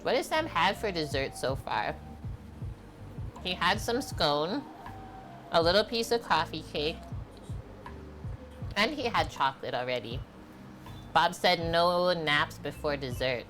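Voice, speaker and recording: A woman's voice: lowish voice, very animated, a little slow, long pauses, a bit bright, soft background music. A woman hosting a live cooking stream, chatting casually with viewers and filling her talk with "like". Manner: chatty, answers chat, many "like" fillers.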